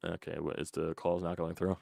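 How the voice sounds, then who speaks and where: A man's voice: deep voice, monotone, a little fast, creaky, mellow, no room sound. A man hosting a casual fan call-in sports show, frustrated and profane, repeating himself as he talks. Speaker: sports podcast host.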